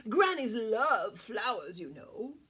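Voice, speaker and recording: A woman's voice: on the high side, big pitch swings, takes it slowly, fairly bright tone, husky, heavily acted. A woman voicing a sly, greedy male wolf in a storybook read aloud, talking sweetly and gloating. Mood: scheming.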